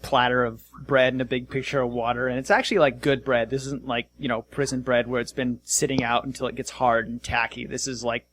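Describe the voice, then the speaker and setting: A man's voice: mid-range voice, level tone, fairly quick, hardly any pauses, a bit bright, a little hiss or hum. A man narrating as game master of a tabletop game, casual and loose.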